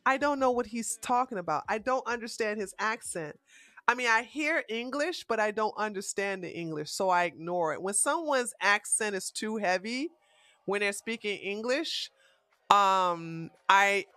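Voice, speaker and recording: A woman hosts a casual livestream, talking frankly with viewers and reading out their comments, often restarting and laughing. Her mid-range voice is bright and forceful, and the recording is dry.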